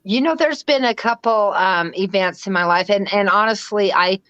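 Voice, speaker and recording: A woman from the western United States (Utah, Idaho) guests on a casual interview, talking animatedly, acting out her own inner voice and laughing easily. Her mid-range voice is a bit bright and clean at a normal speed, captured in a dry, lo-fi recording.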